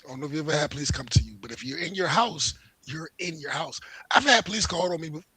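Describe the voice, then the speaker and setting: Animated, bright-voiced man telling stories. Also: fairly high pitch, fast, slightly rough, no room sound. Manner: animated profane storyteller, laughs often. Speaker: livestream co-host. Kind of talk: casual chat.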